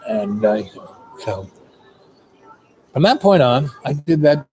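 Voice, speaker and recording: An older man telling a long personal story in a meandering, casual way, full of "you know" and pauses. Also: mid-range voice, sing-song, a little mellow, slight background noise, poor audio.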